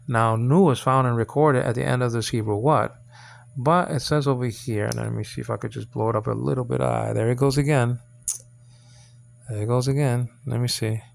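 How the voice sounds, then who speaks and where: A man leads an informal Hebrew lesson on his own channel, his voice gravelly with fry. He talks haltingly, repeats himself, and keeps checking in with his listeners. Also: mid-range voice. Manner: halting, repeats words, many fillers; coaxing checks like "okay?" and "you understand?". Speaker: channel host teaching Hebrew.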